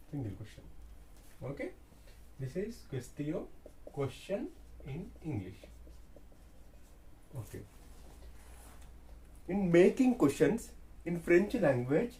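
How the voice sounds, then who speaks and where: Slow, lively-toned man teaching French. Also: fairly high pitch. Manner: repeats key words, slow and deliberate. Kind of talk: slow classroom explanation.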